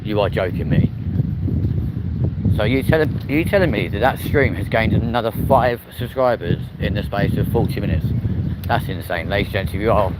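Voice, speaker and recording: A man's voice: fairly low pitch, expressive, normal speed. A man, chatting bluntly and swearing freely while live-streaming on a walk through a city park. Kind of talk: casual walking live stream. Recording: loud outdoor wind and street noise. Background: wind and traffic noise.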